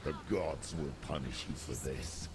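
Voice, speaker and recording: An actor playing a stern, scornful male voice in a character's head, gravelly and menacing, in a video game. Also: very deep voice, measured pace, heavy background noise.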